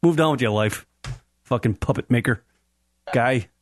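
A man's voice: medium pitch, normal speed, a little hiss or hum. A young man co-hosting a casual, crude comedy talk show, rambling into brash, swearing rants. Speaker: co-host.

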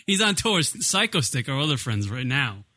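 A man's voice: medium pitch, sing-song, moderate pace, sharp tone. A male radio show host in casual, crude, self-mocking banter, introducing listener calls.

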